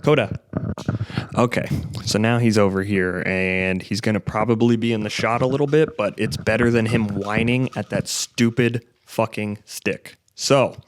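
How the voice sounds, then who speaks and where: A man's voice: lowish voice, fairly even intonation, moderate pace, dry recording. A young man hosting a podcast from his home garage office, rambling casually and swearing often, tossing in "bro" and "dude". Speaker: podcast host. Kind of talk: casual chat. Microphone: directional podcast mic.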